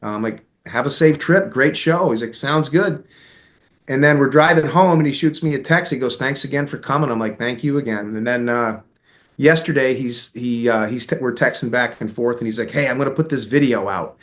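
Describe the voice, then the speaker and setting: A middle-aged American man, an interview guest, telling a long story in a relaxed, rambling way, with many fillers and quoted dialogue. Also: medium pitch, moderate pace.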